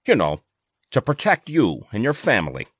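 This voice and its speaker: A man voicing a smooth, falsely concerned male government aide in a storybook reading, talking in a placating way. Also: medium pitch, wildly swooping pitch, moderate pace, no room sound, studio quality. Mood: persuasive.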